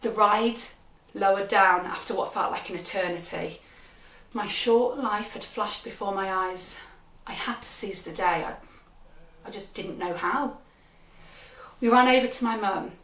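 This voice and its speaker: A woman comedian with a wry, deadpan delivery, telling a funny personal story. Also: medium pitch, unhurried, long pauses. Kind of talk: comic storytelling performance. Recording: echoey, from a distant mic.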